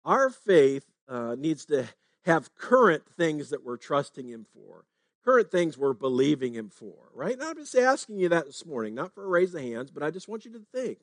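A man's voice: a little high, big pitch swings, moderate pace, no echo, studio quality. A man preaching a sermon in a conversational way, often checking in with "right?". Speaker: pastor.

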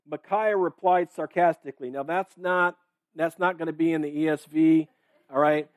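A man's voice: a little high, fairly even intonation, moderate pace, no room sound. A man preaching a sermon as a pastor, reading verses and commenting in a casual, conversational way with many fillers. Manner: casual, conversational, reads verses and checks in with "right?" and "okay?"; filler-heavy with restarts.

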